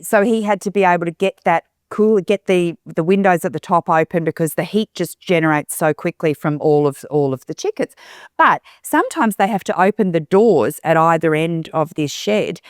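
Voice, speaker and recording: A woman with a fairly low voice talks through a long anecdote, full of restarts and asides. The sound is close and dry, as on a desk mic. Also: moderate pace, no room sound. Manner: rambling storyteller with many restarts. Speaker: podcast host. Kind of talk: casual chat.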